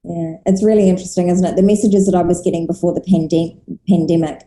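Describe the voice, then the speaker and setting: Mellow-voiced New Zealand woman, roomy sound. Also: fairly low pitch, fairly even intonation, fast talker. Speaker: guest, author and business coach. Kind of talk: casual interview chat.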